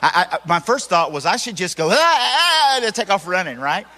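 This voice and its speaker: A man preaching his testimony as a lively story and acting out the voices he describes. His voice is bright and forceful and sits a little high for a man, with long reverb from a large hall around it. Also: a little fast. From Tennessee, US. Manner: animated storyteller, acts out voices. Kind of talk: storytelling sermon.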